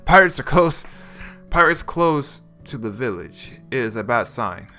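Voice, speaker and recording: A man voicing a male ninja warrior who speaks slowly in stilted, formal phrases. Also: medium pitch, sing-song, pushed and bright, faint music behind. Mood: stern formal. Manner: slow, stilted, formal speech.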